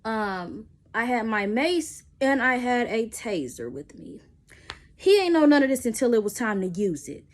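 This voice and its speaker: A young woman, telling a personal story in a casual storytime and acting out the voices with sudden jumps in pitch. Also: measured pace. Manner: animated, acts out quotes with pitch jumps.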